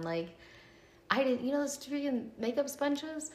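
A woman's voice: a little high, lively intonation, a little slow, darkish tone. Chatty woman host in an echoey room. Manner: chatty storyteller, fills speech with "like". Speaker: podcast host. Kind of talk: casual chat.

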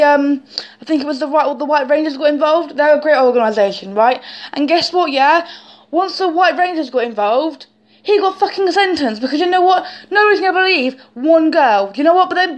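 Intense high-voiced young woman venting. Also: animated, a little fast. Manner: intense, emphatic, swearing, with many "yeah?" tag questions. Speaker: vlogger. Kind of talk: emotional personal monologue.

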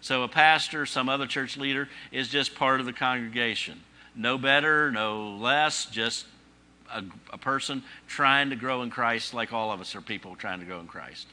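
A man's voice: mid-range voice, normal speed, pushed and bright. A man preaching a sermon in a conversational teaching manner, using rhetorical questions, dry humor and emphatic repetition. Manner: emphatic repetition, rising on key phrases. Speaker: pastor.

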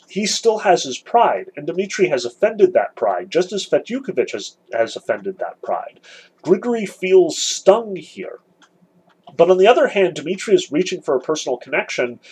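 A man's voice: high voice, a little mellow, breathy edge, poor audio. A man teaching a literature lesson, explaining the scene step by step and weighing each side in turn. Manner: explanatory, weighs both sides repeatedly. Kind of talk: recorded lecture.

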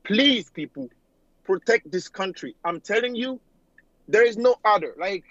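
A man's voice: sits high, lively intonation, measured pace, a bit bright, dry recording. Earnest African man calling in by phone. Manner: earnest, rambling, filler-heavy. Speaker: caller. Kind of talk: call-in talk show caller. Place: home in New York City. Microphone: phone line. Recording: dull lo-fi phone call audio.

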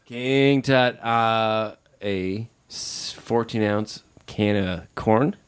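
A man's voice: fairly low pitch, steady tone, drawn-out words, clear, resonant tone. A man co-hosting a casual podcast chat, joking in a dry way. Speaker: podcast co-host.

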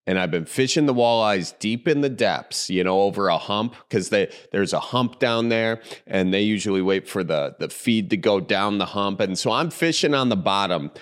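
A man hosting a podcast, chatting in a relaxed way and telling a fishing story. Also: lowish voice, normal speed, hardly any pauses. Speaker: podcast host. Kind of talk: casual chat.

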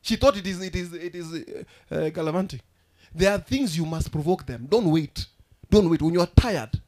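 A man preaching a sermon as pastor, emphatic and rousing, with sudden loud outbursts. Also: high voice, lively intonation, brisk.

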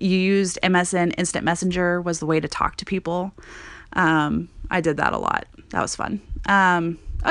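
A woman's voice: medium pitch, fairly bright tone, no echo. A woman in her thirties from Montana, hosting a casual personal podcast monologue in a chatty way, with frequent "um" fillers. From Montana, USA. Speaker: podcast host.

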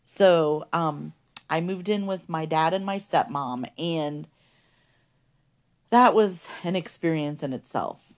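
A woman's voice: low voice, slow pace. A woman telling her life story in a podcast, earnest and conversational, with many fillers.

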